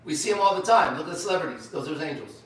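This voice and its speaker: A man preaches sermon-style to a men's group, blunt and emphatic, repeating phrases for stress. His fairly high, slightly bright voice is expressive and rapid-fire, recorded far from the mic in a very echoey room.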